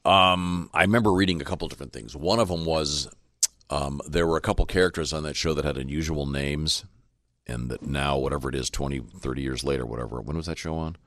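Very deep-voiced man explaining things. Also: quick pace, fairly bright tone, dry recording. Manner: matter-of-fact, explains things at length. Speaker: co-host. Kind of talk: casual radio banter.

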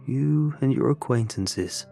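A man voicing a menacing male monster posing as a businessman, in a slow, cold, commanding voice that sits low and near a growl. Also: expressive, vocal fry, warm tone, faint music behind. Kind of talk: horror story narration.

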